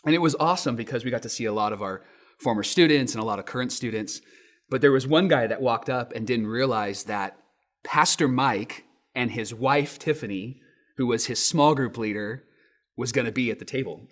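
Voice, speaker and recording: A man in his thirties, a pastor giving a sermon with lively storytelling, acting out quotes in raised voices. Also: medium pitch, a little fast.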